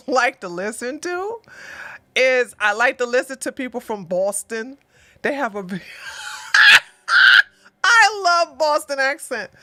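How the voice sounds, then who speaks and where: A woman hosts a casual livestream, rambling and chatty with frequent laughter. Her voice is bright and forward. The sound is dry and close with no room echo. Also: mid-range voice. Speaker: livestream news show host.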